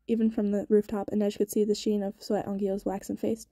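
A woman narrates a novel in a steady, even way, with little rise and fall in her voice. Her tone is dark and mellow, and the recording is dry and sped up so that she sounds rushed. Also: mid-range voice, no room sound. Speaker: audiobook reader. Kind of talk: reading a novel aloud.

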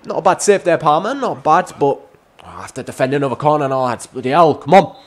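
Excitable man giving gameplay commentary. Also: a little high, quick pace. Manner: excitable, keeps calling out to viewers as lads. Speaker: gaming YouTuber.

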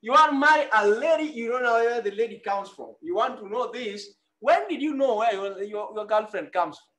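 A man's voice: very high voice, expressive, fairly quick, fairly bright tone. A man preaching a sermon, prompting his listeners with call-and-response questions.

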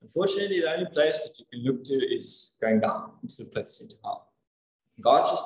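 A man's voice: medium pitch, fairly quick. Earnest man preaching in an echoey church. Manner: earnest, animated, repeats words when emphasizing. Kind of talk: sermon.

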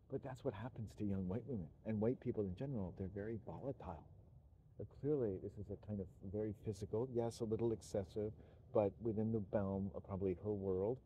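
Low, dark-voiced man rambling with restarts. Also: a little hiss or hum. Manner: meandering, halting, frequent restarts and chuckles. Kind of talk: rambling monologue.

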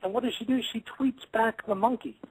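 Husky, high-voiced male guest, joking and rambling, stammering restarts. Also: steady tone, a little fast, rough recording. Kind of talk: casual comedic chat.

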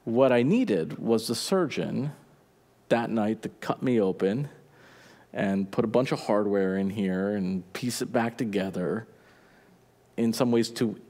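Animated storytelling male pastor, gravelly. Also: on the low side. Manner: animated storytelling, laughs at himself. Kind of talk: sermon. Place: church auditorium. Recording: church hall reverb.

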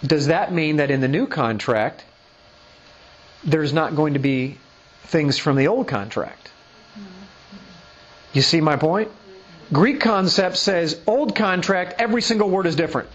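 A male pastor preaches a sermon in a voice on the high side, with lively intonation and an unhurried pace broken by long pauses. He drives his point home emphatically with rhetorical questions and reads scripture aloud. The recording has its highs cut off.

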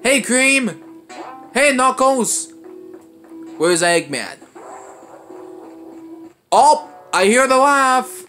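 A young man giving let's play commentary, excitable and often breaking into panicked high shouts. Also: drawn-out words, long pauses, faint music behind. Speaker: gaming channel host.

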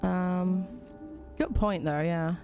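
Creaky-voiced woman streaming a game. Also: fairly low pitch, fairly even intonation, very slow, darkish tone, faint music behind. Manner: chatty, reads on-screen tutorial text aloud and thanks viewers. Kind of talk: casual live-stream commentary.

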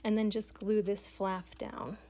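A middle-aged woman teaching an art project at a table in her home studio, telling a story slowly and softly and dropping to a whisper now and then. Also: medium pitch, fairly even intonation, noisy background. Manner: soft, slow storytelling with whispered asides. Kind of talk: art tutorial narration.

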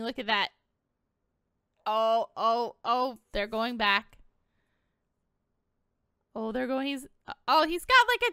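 A woman's voice: on the high side, bright, forceful tone, clear, resonant tone, no room sound, clean studio sound. A woman hosting a gaming video, giving chatty, playful let's-play commentary at a desktop mic and giggling often.

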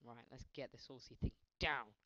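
Excitable man with slight Scottish accent. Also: mid-range voice, moderate pace, no echo, highs cut off. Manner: excitable, yelps and laughs at the game, jokey asides. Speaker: gaming commentator. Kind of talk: let's-play gaming commentary.

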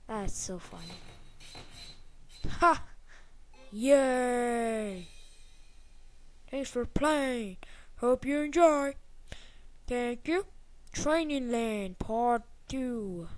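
High-voiced excitable gamer woman. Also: a little hiss or hum. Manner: excitable, swears and cheers herself on. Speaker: gameplay commentator. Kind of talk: let's play commentary.

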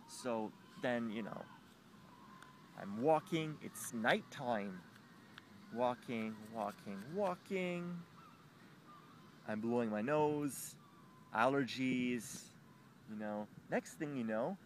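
A man rambles through a profane story about a dispute with a neighbour, halting often and filling gaps with ums, and he uses high, squeaky voices for the other people involved. There's a faint hiss or hum in the recording.

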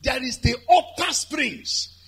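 A man with a Nigerian accent preaching a lively sermon, building to shouted, chanted high points. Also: slow, slightly rough. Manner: animated, shouting and chanting at peaks.

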